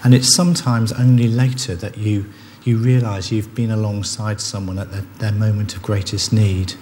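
A man preaches in a church, earnest and conversational, his fairly low voice carrying a long reverb off the walls. A faint hum of ambience sits behind him. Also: flat delivery, normal speed, a little mellow. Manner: earnest, conversational, with frequent restarts. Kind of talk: sermon.

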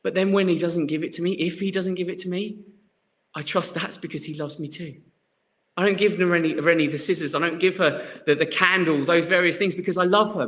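Earnest preacher with a forceful, bright voice. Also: male voice, fairly high pitch. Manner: earnest, swings between soft reflection and emphatic bursts. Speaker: pastor. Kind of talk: sermon.

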